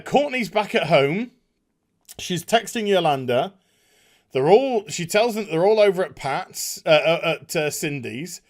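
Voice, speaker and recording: A man giving a casual spoken review of a TV episode, acting out the characters' lines as he recaps. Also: on the high side. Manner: animated, acts out characters' lines while recapping. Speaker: TV show reviewer.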